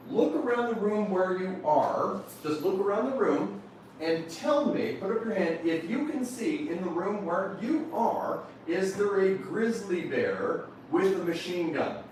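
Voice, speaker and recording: Animated man teaching in an echoey room. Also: sits high, recorded from a distance, a little hiss or hum. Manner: animated, questions the audience, repeats instructions. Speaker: seminar speaker. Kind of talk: motivational workshop talk.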